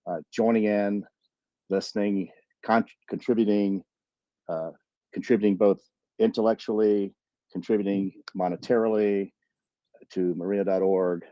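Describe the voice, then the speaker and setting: A man in his late fifties calls in with a very low, dark, mellow voice. He talks earnestly and deliberately. The line is dull and lo-fi and sounds dry. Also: no echo. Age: 50s. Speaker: caller, military veteran. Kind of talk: casual chat on a live audio room.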